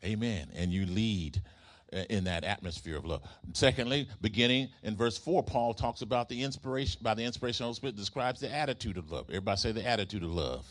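A man's voice: lowish voice, lively intonation, fast talker. A man preaching a sermon, using rhythmic repetition and call-and-response with the congregation. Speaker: pastor.

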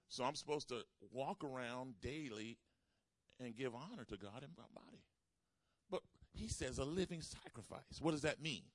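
A man's voice: medium pitch, lively intonation, moderate pace, no room sound. A man preaching a sermon. He calls for responses from the congregation and repeats phrases for emphasis. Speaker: pastor.

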